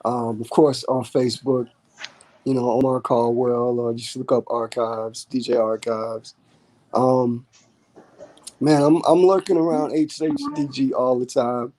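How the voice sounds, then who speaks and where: Easygoing man with a mellow voice. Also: mid-range voice, measured pace, slight background noise. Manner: relaxed, easygoing slang. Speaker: guest DJ. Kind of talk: casual interview talk.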